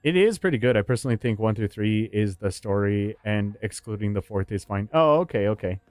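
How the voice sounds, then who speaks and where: A man's voice: on the low side, expressive, brisk, a little mellow, no echo. A man streaming a horror game, chatting casually with viewers, swearing and laughing often and jumping into silly voices. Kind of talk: casual gaming stream chat.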